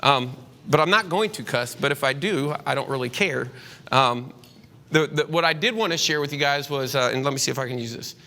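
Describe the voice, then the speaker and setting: A man's voice: mid-range voice, brisk, pushed and bright. A man giving a casual talk to a room of real estate agents, rambling with many fillers and restarts, candid and chatty. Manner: chatty and candid, slips into slang.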